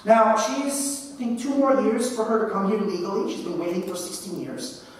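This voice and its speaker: A man in his thirties from the Philippines giving a keynote speech, telling stories in an animated way and often asking "right?". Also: high-pitched, moderate pace, a little hiss or hum. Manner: animated storytelling with frequent "right?". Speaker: keynote speaker. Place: large lecture hall. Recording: echoey hall from far off.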